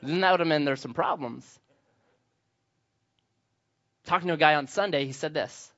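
Animated pastor with a high voice. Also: male voice, moderate pace, muffled recording. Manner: animated storytelling, acts out quoted voices. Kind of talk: sermon.

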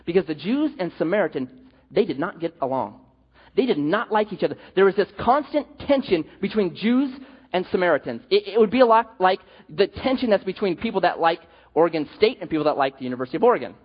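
A man's voice: sits high, very animated, fast, breathy edge. A male pastor preaching a sermon, telling stories animatedly with jokes, in an echoey hall with dull sound.

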